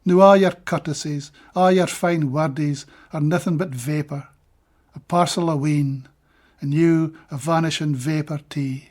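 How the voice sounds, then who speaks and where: A Scottish man giving a measured, deliberate poetry reading of his own translations, with brief plain-spoken asides between poems. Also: on the high side, steady tone, a little mellow.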